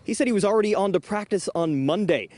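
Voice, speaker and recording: Young male TV sports reporter, bright upbeat read, higher voice. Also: animated, fast. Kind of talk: broadcast news reporting.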